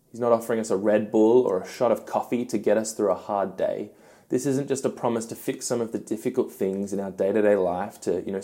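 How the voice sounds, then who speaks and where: A young youth pastor with a lowish voice gives an earnest devotional teaching talk, using gentle, emphatic pauses.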